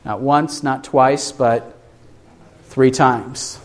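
A man with a mid-range, steady voice preaches a sermon, posing rhetorical questions to his listeners and answering them himself in an emphatic, deliberate way.

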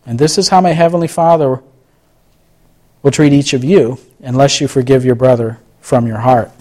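A man's voice: mid-range voice, steady tone, normal speed, mellow. A man giving a conversational sermon, asking the listeners rhetorical questions and often restarting his phrases. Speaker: pastor.

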